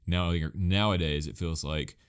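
A man's voice: sits low, unhurried, smooth. A man hosting a casual talk show, rambling and self-mocking, laughing often as he talks. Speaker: podcast host recommending anime.

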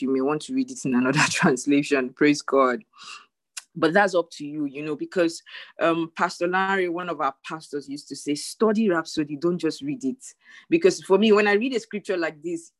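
Woman preacher, lowish voice, dry close sound, emphatic and repetitive. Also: no room sound. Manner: earnest, emphatic, repeats key phrases. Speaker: pastor. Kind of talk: sermon.

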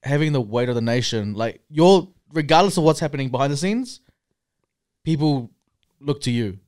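A man's voice: mid-range voice, expressive, normal speed, darkish tone. A young man with a New Zealand accent, co-hosting a casual podcast and joking about himself in slangy banter. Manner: joking, self-mocking, slangy. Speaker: podcast co-host.

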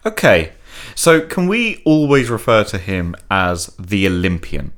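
A woman's voice: very deep voice, lively intonation, unhurried. A woman co-hosting a podcast in casual chat, reacting with incredulous questions and frequent laughter. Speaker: podcast co-host.

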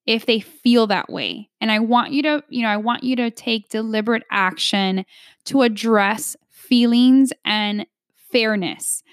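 A woman with a fairly high voice teaches negotiation and sales in a coaching lecture. She speaks emphatically and keeps checking in with listeners by tagging her points. The sound is dry and close. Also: unhurried, no echo. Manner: emphatic, coaching, frequent "right?" tags. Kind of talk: instructional talk to an audience.

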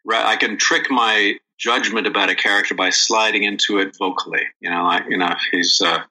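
Middle-aged man, low-ish voice with a very bright edge, rambling interview guest. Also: fairly even intonation, a little fast, breathy edge, low-quality recording. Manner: rambling, many restarts and fillers. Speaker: actor guest. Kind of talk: casual interview chat.

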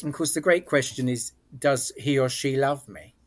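A man's voice: medium pitch, normal speed. A man with a British accent, a guest on a podcast, explaining his work in a thoughtful way with frequent restarts. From England. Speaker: psychic medium guest. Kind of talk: casual interview chat.

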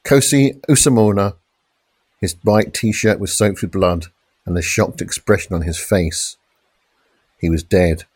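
Guy narrating a gritty crime thriller, lowish voice, dry close sound. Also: no echo. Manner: measured, dramatic crime reading with shouted police lines. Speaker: audiobook narrator. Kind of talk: scripted narration.

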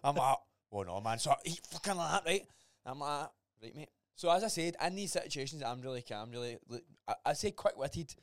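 A man's voice: on the high side, fairly quick, no room sound, studio quality. A young Scottish man co-hosting a podcast, bantering and laughing as he tells a story. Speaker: podcast co-host. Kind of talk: casual chat.

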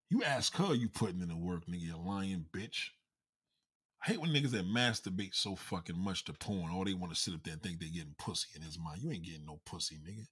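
A man's voice: deep voice, breathy edge. A man giving a heated, mocking, profanity-filled comedic rant to his viewers. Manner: heated, mocking, swears constantly. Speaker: vlogger.

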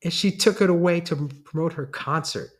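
A man's voice: a little high, fairly quick, pitched above the performer's own voice, lightly acted. A man narrating a story, voicing a frustrated, sarcastic man whose privacy has been exposed. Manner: exasperated, sarcastic. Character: frustrated young male lawyer.

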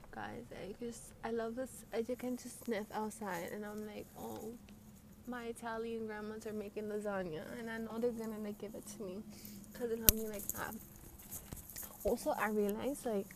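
A woman's voice: mid-range voice, darkish tone, a little hiss or hum. A young woman with a runny nose, rambling casually with a lot of slang, swearing and filler words. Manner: profane, slangy, full of fillers. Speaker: vlogger.

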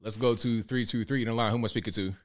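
A man's voice: mid-range voice, steady tone, racing. A man hosting a live call-in show, reading out viewer comments and taking calls in an upbeat way. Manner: upbeat, reads out viewer comments and shout-outs. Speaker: show host.

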